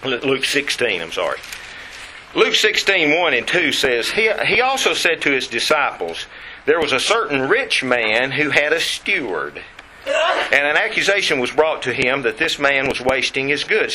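Lively, bright-voiced man preaching. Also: medium pitch, a little hiss or hum, poor audio. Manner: deliberate, stresses key words, reads verses aloud slowly. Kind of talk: sermon with scripture reading.

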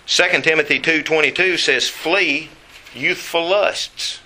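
A man preaching a Bible lesson, emphatic and slowing down to stress key words. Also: a little high, sharp tone.

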